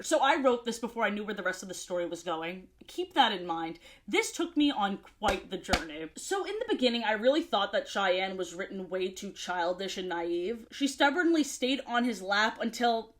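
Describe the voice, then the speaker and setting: A woman's voice: on the high side, expressive, normal speed, hardly any pauses, fairly bright tone. A woman giving sarcastic, playful commentary in a comedic book review, swearing casually.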